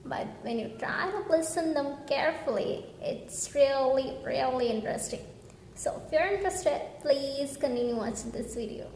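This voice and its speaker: A woman's voice: high-pitched, lively intonation, darkish tone. Woman teaching pronunciation in an echoey room. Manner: earnest, slow demonstrating of example words. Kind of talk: casual pronunciation lesson. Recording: echoey room with faint background hum.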